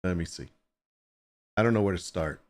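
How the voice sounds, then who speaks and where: A man's voice: low-pitched, animated, moderate pace, a little mellow. A man hosting a casual livestream chat, joking with and teasing viewers and greeting them by name. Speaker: livestream host.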